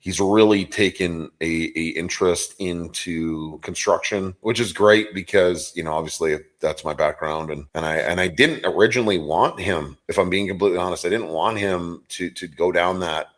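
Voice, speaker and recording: A man's voice: low voice, moderate pace, few pauses. A man in his forties hosting a podcast, talking earnestly in a rambling, self-correcting way. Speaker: podcast host. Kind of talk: casual interview.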